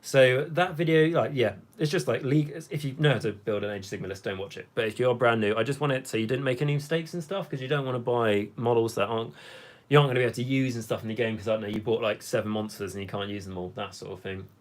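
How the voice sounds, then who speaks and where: Hours into a hobby livestream, this young host's mid-range voice has gone hoarse and tired. He wanders along at a relaxed pace, reading out what viewers write.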